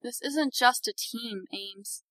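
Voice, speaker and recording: A woman's voice: on the high side, slow pace, bright, forceful tone, dry recording. A woman voicing a hot-tempered young superheroine. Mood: tender. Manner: swearing, defensive, pleading.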